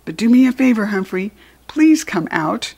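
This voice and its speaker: A woman's voice: fairly high pitch, normal speed, pitched above the performer's own voice, close to an everyday voice. A woman voicing an anxious, earnest father who pleads and then gives firm orders, in a storybook reading. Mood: pleading.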